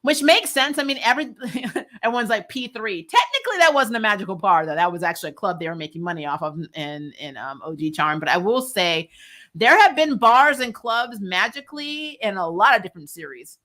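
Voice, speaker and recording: A woman hosting a casual live stream, chatting and answering viewer comments, with frequent laughs and quick asides. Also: mid-range voice, animated, sharp tone. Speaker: YouTube host discussing a TV series.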